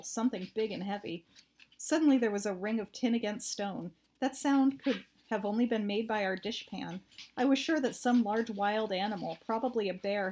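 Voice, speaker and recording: A woman reading a first-person story aloud in a steady, plain narrating voice. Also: mid-range voice. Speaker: audiobook reader.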